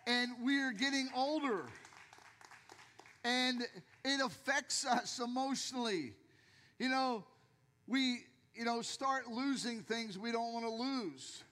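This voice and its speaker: An older male pastor preaching a sermon in a church with jokey, animated storytelling, acting out the voices of people in his stories. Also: very high voice, slow pace, in a large hall.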